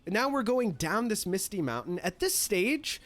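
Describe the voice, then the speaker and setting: A man casually telling a story, animated and profane, filling his talk with "like". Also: high voice, unhurried, no echo. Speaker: streamer.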